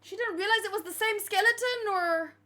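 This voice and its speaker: A young woman hosting a manga read-along, reacting in a chatty, exclamatory way and thinking out loud. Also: very high voice, brisk. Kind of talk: casual reaction commentary.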